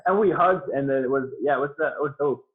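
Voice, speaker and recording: A man's voice: medium pitch, fast talker. Man rambling over a tinny call line. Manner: rambling, many fillers and restarts. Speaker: guest beatboxer. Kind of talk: casual interview talk.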